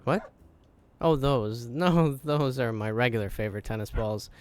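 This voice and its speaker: A man reading game dialogue aloud, voicing an excitable, childlike talking dog in a bubbly, pleading way. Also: mid-range voice, moderate pace, natural voice. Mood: eager.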